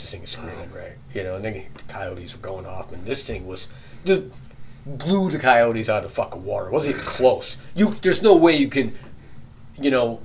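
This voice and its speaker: A man casually telling a profane campfire story, animated and often laughing as he recounts it. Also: mid-range voice, slight background noise.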